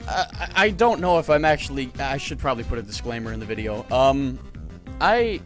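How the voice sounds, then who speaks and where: With soft music in the background, a male YouTuber reads online comments aloud and ridicules them in a sarcastic, exasperated, foul-mouthed way. He speaks at a medium pitch, expressively and fairly quickly, chuckling, stammering into restarts, and lurching between loud outbursts and mutters.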